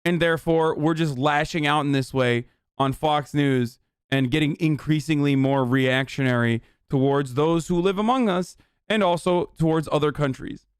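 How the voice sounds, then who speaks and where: Heated, foul-mouthed male streamer in his thirties, a bit high-pitched, dry close mic. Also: moderate pace, smooth, dry recording. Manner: heated, sarcastic, swears often. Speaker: streamer reacting to a news clip. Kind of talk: profane political commentary.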